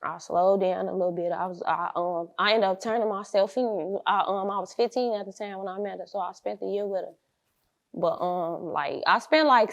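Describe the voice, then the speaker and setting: A woman's voice: mid-range voice, gravelly. A young woman, an interview guest, telling her life story bluntly in street slang and acting out the people she quotes.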